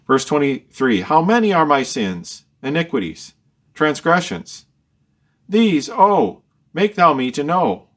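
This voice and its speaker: A man's voice: a little high, sing-song, takes it slowly, a bit bright. A man leading a verse-by-verse Bible study, reading each verse and then explaining and rephrasing it. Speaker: Bible teacher.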